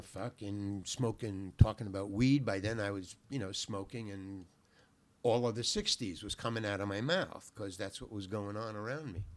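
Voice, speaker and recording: Older man rambling through an anecdote. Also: on the low side. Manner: rambling, repeats words while thinking; laid-back, salty language. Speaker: guest. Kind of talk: casual anecdote telling.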